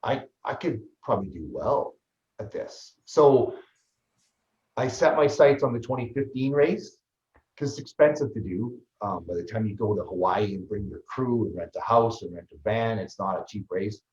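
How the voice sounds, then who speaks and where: A man, a guest on an interview show, telling his story in a lively, fast way with many restarts. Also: on the low side. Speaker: guest, ultraman athlete and trainer. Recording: roomy, slightly dull sound.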